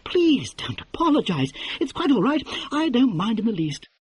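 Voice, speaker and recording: A sarcastic young woman writer in a storybook reading, as a male narrator puts her on. Her voice rides high, bright and airy, full of mock politeness and lilting swoops. The sound is close and dry with a faint husky edge. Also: sing-song, moderate pace, no echo, exaggerated voice. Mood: airy sarcasm. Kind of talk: audiobook character voice.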